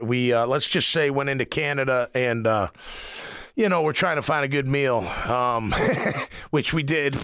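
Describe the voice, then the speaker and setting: Dry-sounding former-player radio host. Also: male voice, mid-range voice, dry recording. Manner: storytelling, laughs often, animated. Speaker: sports radio host, former NFL linebacker. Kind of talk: casual sports talk.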